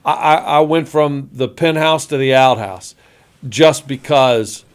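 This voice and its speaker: A man's voice: medium pitch, slow pace, clean tone. A man pastor hosting a Bible study podcast, talking emphatically and reading scripture aloud with feeling.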